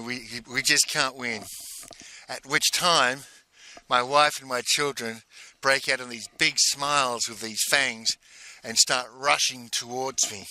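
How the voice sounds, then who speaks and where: A man coaching in a monologue, telling a personal story in a halting, repetitive way that piles up phrases for emphasis. His voice is very bright and sharp-edged. The recording is dry and close, with almost no room sound. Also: medium pitch, dry recording. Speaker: business coach.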